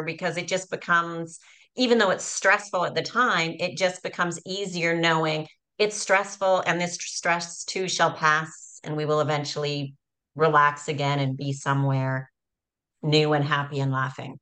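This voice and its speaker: A woman's voice: deep voice, steady tone, moderate pace, pushed and bright, rough recording. A woman hosting a casual interview, mostly agreeing and adding short comments. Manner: supportive listener, short agreeing replies. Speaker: interviewer host.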